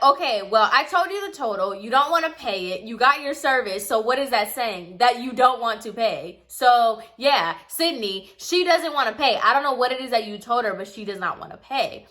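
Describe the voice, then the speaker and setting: A woman's voice: a little high, expressive, a little fast, few pauses, fairly bright tone. A woman telling a storytime about a difficult client in a casual, exasperated way, acting out both sides of the conversation. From Puerto Rican heritage. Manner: chatty, exasperated, acts out both sides with quoted lines.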